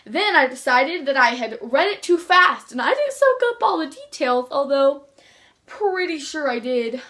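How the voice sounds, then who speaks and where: Teen girl book vlogger, high bright voice, excited and rambling. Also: a little slow. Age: teens. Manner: gushing, rambling with restarts. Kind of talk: casual chat to camera.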